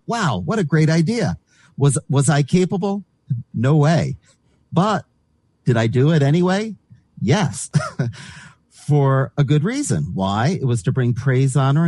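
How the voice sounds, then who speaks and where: A man's voice: mid-range voice, dark tone, no echo. A man co-hosting a Christian talk radio show, chatting earnestly and answering his own questions. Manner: earnest and emphatic, asks himself questions and answers them. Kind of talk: casual radio chat.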